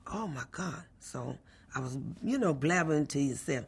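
A middle-aged mail carrier recalls a personal story in a lively, animated way and acts out what people said. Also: medium pitch, normal speed, breathy edge. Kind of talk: personal recollection, oral history.

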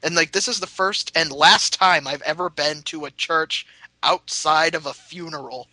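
A man's voice: a little high, moderate pace, pushed and bright, no room sound, rough recording. A young man casually telling a rambling, sweary story and laughing as he goes.

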